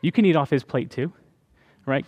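A man's voice: on the high side, moderate pace, a little mellow, breathy edge, dry recording, lo-fi sound. A middle-aged man giving a conversational sermon to a church congregation, chatty, with laughing asides and frequent "right?" checks with the listeners. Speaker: pastor.

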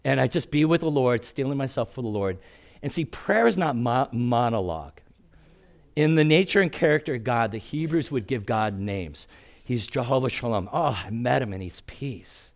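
A man's voice: mid-range voice, expressive, normal speed, creaky. A man in his sixties preaching a sermon in a storytelling way, acting out quotes and laughing at his own stories.

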